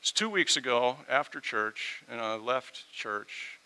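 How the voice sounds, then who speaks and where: A middle-aged man preaching a sermon, telling a personal story and swinging from quiet asides to loud, emphatic peaks. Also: mid-range voice, lively intonation, takes it slowly, clear, resonant tone, low-quality recording. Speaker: pastor.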